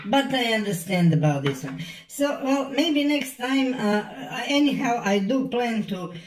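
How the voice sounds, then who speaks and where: Halting man in a roomy echo. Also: high-pitched. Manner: halting, repeats words, deadpan asides. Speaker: comedy product reviewer. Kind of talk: rambling comic review to camera.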